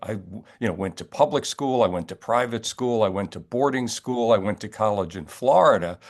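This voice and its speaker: Older male author guest, low voice, wry and meandering, chatty interview delivery. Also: expressive, moderate pace. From New York area, US. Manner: wry, rambling storyteller. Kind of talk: relaxed interview chat.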